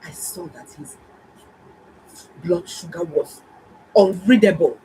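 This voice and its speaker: A woman doctor, telling viewers a story in a casual, animated and emphatic way. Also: on the low side, takes it slowly, noisy background. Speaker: doctor and health vlogger.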